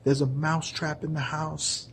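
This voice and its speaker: A man's voice: on the high side, level tone, unhurried, vocal fry, a little hiss or hum, pitched above the performer's own voice. A man voicing a panicked little male mouse in a farmhouse, frantically repeating his warning.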